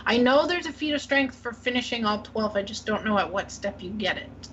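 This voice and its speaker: A woman's voice: a little high, animated, a little fast, a bit bright. A woman from Canada, co-hosting a podcast in casual gaming chat, rambling and trailing off as she talks. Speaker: podcast co-host. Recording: slightly muffled, faint hiss.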